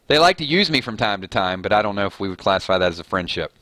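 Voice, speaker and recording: A man's voice: fairly low pitch, very animated, racing, bright, forceful tone, dry recording. A man with a Southern US accent hosting a casual live chat, reading viewer comments aloud and joking at his own expense. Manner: chatty, reads viewer comments aloud, joking and self-mocking.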